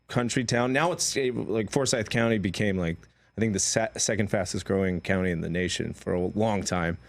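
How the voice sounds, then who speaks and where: A man's voice: fairly low pitch, fairly quick, gravelly. A man from Queens, raised in Georgia, chatting loosely as an actor guest, rambling with lots of fillers and easy laughs. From Queens, New York; raised in Georgia. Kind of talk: casual interview chat.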